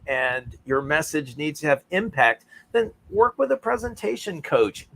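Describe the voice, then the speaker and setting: Articulate man with a higher voice. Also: vocal fry, fairly bright tone. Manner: articulate, rhythmic, emphatic. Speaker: guest, author and speaking coach. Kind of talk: interview answers.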